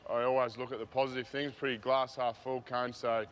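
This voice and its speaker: Relaxed halting Australian footballer. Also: male voice, mid-range voice, slight background noise. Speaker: footballer guest. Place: airport.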